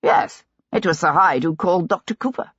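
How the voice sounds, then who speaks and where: A woman's voice: fairly low pitch, fairly bright tone, slightly rough, no room sound. A woman playing a guarded Russian colonel. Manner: evasive and measured. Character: guarded, cool male Russian colonel diplomat. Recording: dull dry lo-fi recording.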